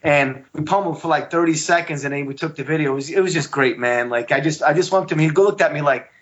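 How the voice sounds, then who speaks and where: Guy guest on a podcast, lively, does high voices when quoting people, muffled audio. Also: fast. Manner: animated storyteller, jumps into high voices for quotes. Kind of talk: casual chat.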